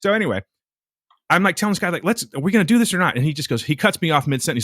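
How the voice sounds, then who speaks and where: This podcast co-host speaks very fast with a fairly high-pitched voice, recorded dry with clean studio sound. Exasperated and profane, he tells his story in a lively, casual way.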